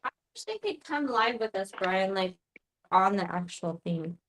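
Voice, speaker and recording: A woman's voice: mid-range voice, lively intonation, unhurried, a bit bright, slight background noise. A woman hosting a live podcast, chatting casually in a rambling, emotional, giggly way. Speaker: podcast host.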